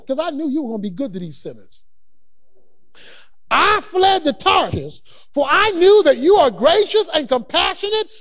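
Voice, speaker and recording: A man preaching a sermon, animated and colloquial, breaking into shouts and playful asides. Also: very high-pitched.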